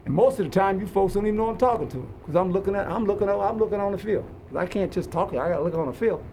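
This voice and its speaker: A man's voice: high voice, very fast, darkish tone, a little hiss or hum, poor audio. An older man, a head football coach, answering reporters after practice in an earnest way, often repeating words as he starts a sentence. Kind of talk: post-practice press conference.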